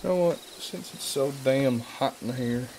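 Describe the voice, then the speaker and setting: A man's voice: medium pitch, unhurried, darkish tone, slight background noise, lightly acted, rough recording. An English man voicing an easygoing cowboy in a put-on American Southern accent with a lazy, playful drawl.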